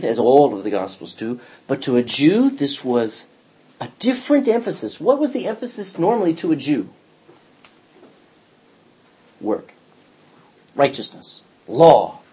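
A man's mid-range voice, darkish and slightly rough, leads a Bible study. As the teacher, he reads scripture aloud and explains it emphatically, repeating key words and asking the class questions.

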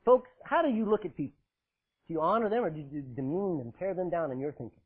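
A man preaching a sermon to a congregation, emphatic and forceful, joking with the listeners in between. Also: sits high, animated, quick pace. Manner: forceful, emphatic preaching with sudden loud bursts and dramatic drops; laughs often, jokes with the congregation. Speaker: pastor. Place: church, live congregation. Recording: tinny phone-like sound.

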